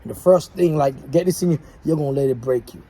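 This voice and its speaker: A man's voice: fairly high pitch, quick pace, warm tone. A man delivering a preachy, repetitive, rallying motivational message as the host of his show. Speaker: motivational speaker.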